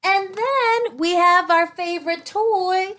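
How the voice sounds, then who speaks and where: This is a woman speech-language pathologist teaching a speech sound to young kids with toys, talking slowly with drawn-out sounds. Her pitch is very high, and there's heavy background noise.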